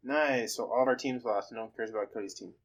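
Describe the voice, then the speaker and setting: Fast-talking, teasing young man. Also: medium pitch, low-quality recording. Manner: teasing, quick-witted. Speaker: podcast co-host. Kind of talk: casual chat.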